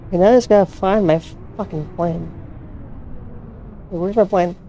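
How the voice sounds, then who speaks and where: A woman's voice: on the low side, normal speed, dark tone, lo-fi sound, slight background noise. A woman casually commenting to herself while playing a flight simulator, swearing freely as she hunts for her plane. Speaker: flight sim streamer.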